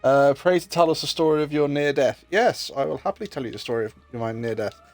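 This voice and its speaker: A man's voice: fairly high pitch, fast, soft background music. A British man in his thirties chatting casually while streaming a game, joking and telling stories with plenty of swearing. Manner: animated, joking storyteller who swears freely. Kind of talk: casual chat while gaming.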